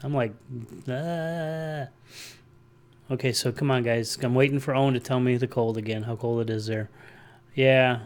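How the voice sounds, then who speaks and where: A man hosts a casual livestream, rambling through his chat with the viewers. His talk is loose and conversational, and he answers comments aloud as they arrive. His voice sits at an ordinary middle pitch. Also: flat delivery, fairly quick. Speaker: livestream host.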